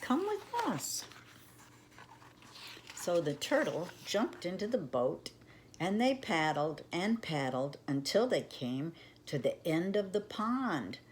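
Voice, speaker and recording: An older woman reading a children's story aloud, gentle and affectionate as she speaks to children. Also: fairly low pitch, very animated, a little slow, slight background noise.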